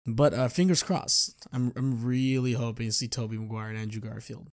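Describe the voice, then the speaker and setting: A man's voice: mid-range voice, steady tone, moderate pace, dry recording, studio quality. A man hosting a podcast on his own, chatting casually to listeners in a rambling way and often restarting his sentences. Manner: rambling, self-correcting, chatty. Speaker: podcast host. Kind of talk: casual solo chat.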